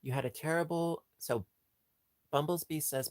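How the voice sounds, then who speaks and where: A man's voice: a little slow, no echo. Gushing man squealing over cute crafts. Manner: gushing, jumps to squeaky high pitch on cute things; rambling with frequent restarts and ums. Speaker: livestream host. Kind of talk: casual livestream chat.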